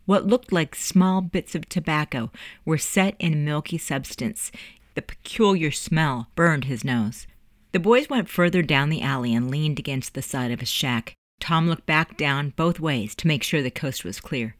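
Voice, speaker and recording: An audiobook narrator reading scripted narration in a measured storytelling manner. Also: medium pitch, no echo, clean studio sound.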